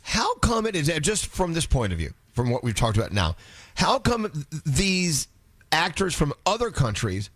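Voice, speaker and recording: Radio host, male, lively swooping delivery, dry close studio mic, casual morning banter. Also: on the high side, dry recording. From United States. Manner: animated, quick to jump in.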